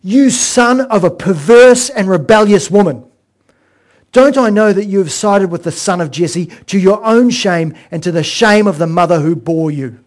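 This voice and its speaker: A man's voice: high-pitched, expressive, moderate pace, pitched above the performer's own voice. A man voicing a furious, abusive ancient king who hurls crude insults. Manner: shouting, crude and scornful.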